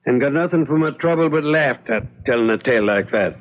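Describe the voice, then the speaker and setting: An actor playing a stubborn older rural man who talks in a folksy, unhurried drawl in a radio drama. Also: mid-range voice, expressive, natural voice. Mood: grumbling. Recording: dull lo-fi radio recording.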